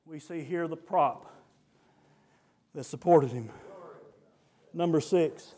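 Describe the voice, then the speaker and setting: Preacher man, high-pitched, swings between low talk and fervent shouting. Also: slow pace. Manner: rising to fervent shouts, then dropping low. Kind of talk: sermon.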